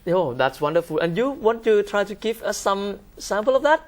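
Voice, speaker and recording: A woman's voice: medium pitch, sing-song, normal speed. A woman hosting an interview who prompts her guests with curious, encouraging questions. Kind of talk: hosting a talk show interview.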